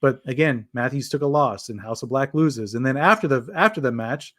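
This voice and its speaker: A man's voice: medium pitch, lively intonation, brisk, a bit bright, dry recording. Hesitant man on a dry podcast mic. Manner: rambling, hesitant, many restarts. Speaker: podcast co-host. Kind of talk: casual wrestling podcast chat.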